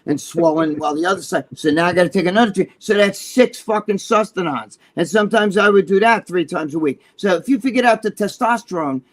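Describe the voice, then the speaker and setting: Excitable high-voiced man, profane chat. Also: a little fast, few pauses. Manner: profane, excitable storytelling with many restarts. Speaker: co-host. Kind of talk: casual chat.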